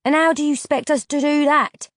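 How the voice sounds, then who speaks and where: A woman's voice: high voice, steady tone, fairly quick, no room sound, clean studio sound, pitched above the performer's own voice, natural voice. Woman doing a blunt, rustic young man. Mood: surprised. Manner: broad country dialect, plain-spoken.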